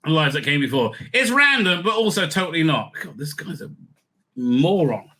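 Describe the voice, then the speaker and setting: A male online commentator reading an article aloud and cutting in with scornful, profane remarks. His voice is sharp and very bright, sitting slightly high for a man. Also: big pitch swings, normal speed.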